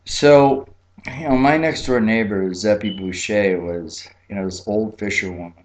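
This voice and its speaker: A man from Key West, Florida telling a childhood story in a relaxed, chatty way, with frequent fillers and laughs. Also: on the low side, unhurried. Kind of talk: personal storytelling.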